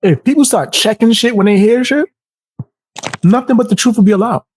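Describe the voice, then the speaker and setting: A man's voice: very high-pitched, a little fast, darkish tone, husky. A man hosting a casual podcast chat, telling stories animatedly and acting out quotes in a raised voice. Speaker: podcast host.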